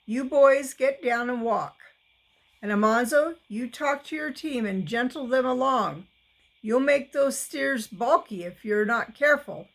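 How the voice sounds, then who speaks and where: A woman's voice: high voice, animated, a little slow, heavily acted, rough recording. A woman voicing a helpful grown farmhand who gives plain advice. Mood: advising.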